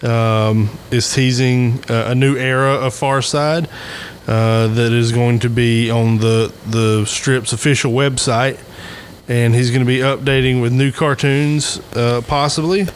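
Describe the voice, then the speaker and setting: A man shares news in a casual podcast chat, hesitating with frequent ums and uhs. His pitch is ordinary and mid-range. A faint hiss sits behind him. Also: fairly even intonation, unhurried. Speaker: podcast co-host.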